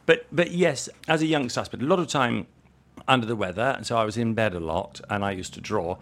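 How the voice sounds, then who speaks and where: A middle-aged man from England, an interview guest who talks in a relaxed, rambling way, repeating words as he thinks aloud. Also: mid-range voice, a little fast. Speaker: interview guest, jewellery designer. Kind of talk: relaxed conversational storytelling.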